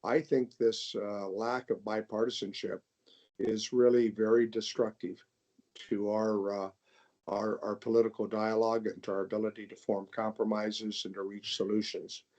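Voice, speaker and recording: An older man, a congressman, speaking in a measured way on a panel discussion and often repeating words as he thinks. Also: fairly low pitch, flat delivery, darkish tone. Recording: dull lo-fi sound.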